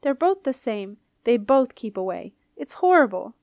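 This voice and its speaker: A woman's voice: on the high side, very animated, moderate pace, a little mellow, no room sound, clean studio sound. A woman reading aloud and voicing a teenage princess girl who talks urgently and emotionally. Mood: upset.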